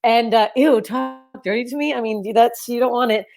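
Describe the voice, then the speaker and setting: A woman's voice: normal speed, soft background music. A woman in her thirties doing stand-up over a video call from her parents' house, rambling and self-deprecating, with a sniffly stuffed nose. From Canada. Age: 30s. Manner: rambling, self-deprecating, swings into loud squeaky outbursts. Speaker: stand-up comedian. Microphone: webcam on a video call.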